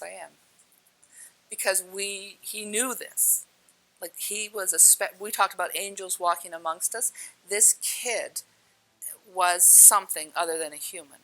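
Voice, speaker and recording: A woman telling personal stories in a casual, animated way, laughing often and acting out the dialogue. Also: fairly low pitch, rough recording. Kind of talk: casual spoken storytelling.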